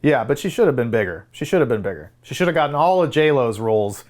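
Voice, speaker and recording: Animated male podcast co-host. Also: medium pitch, quick pace. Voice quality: animated, laughing often. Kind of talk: casual movie review chat.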